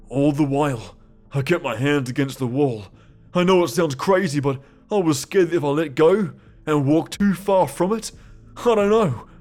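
A man narrating a first-person horror story in a tense, frightened way, with sudden shouted cries. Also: fairly high pitch.

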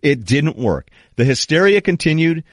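A middle-aged man hosting a sports talk show, delivering an animated monologue and acting out quoted people in raised voices. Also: a little high, moderate pace, no echo, clean studio sound. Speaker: sports talk radio host.

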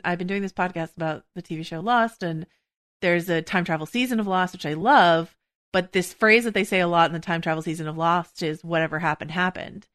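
A woman's voice: fairly low pitch, pushed and bright, dry recording, studio quality. A woman hosting a podcast in casual chat, thinking aloud with lots of restarts and asides. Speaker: podcast host.

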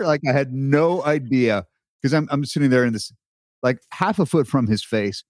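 Animated man telling a story. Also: mid-range voice, normal speed, no room sound, clean studio sound. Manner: animated storyteller, lively delivery. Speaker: podcast co-host. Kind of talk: casual chat.

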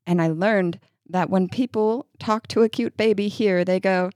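A woman's voice: medium pitch, moderate pace, a little mellow, no echo, clean studio sound. Chatty laughing woman ranting on a podcast. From upstate New York. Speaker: podcast co-host. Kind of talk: casual chat.

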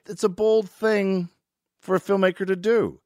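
A man's voice: high voice, measured pace, no echo. Older guy spinning wild set stories, does all the voices, dry close sound. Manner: animated, acts out quotes, profane. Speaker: actor telling set stories. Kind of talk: casual storytelling chat.

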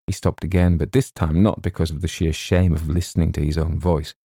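A man reading a comic story aloud in a measured, wry narration. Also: extremely low pitch, level tone, dark tone, husky, dry recording, studio quality. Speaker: audiobook narrator. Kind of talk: scripted narration.

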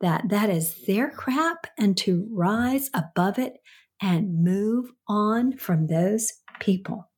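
A woman's voice: mid-range voice, expressive, slow pace, husky. An older woman with a Southern accent, co-hosting a podcast with her son, chatty and giving household tips. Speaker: podcast co-host, the host's mother. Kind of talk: casual chat.

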